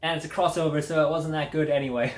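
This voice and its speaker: A woman's voice: low voice, steady tone, quick pace. A woman hosting a casual media review, blunt, sardonic and full of swearing. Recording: roomy echo.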